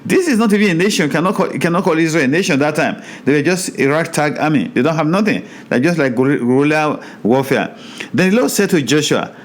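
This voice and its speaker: A man teaching a Bible study in a sermon style, reading scripture aloud and preaching with animated, repeated phrases. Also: fairly high pitch. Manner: slows down over hard place names.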